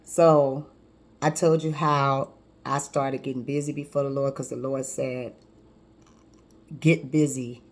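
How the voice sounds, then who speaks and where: A woman in her fifties, a life coach, telling her personal testimony in a lively, conversational way with frequent restarts. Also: very deep voice, measured pace.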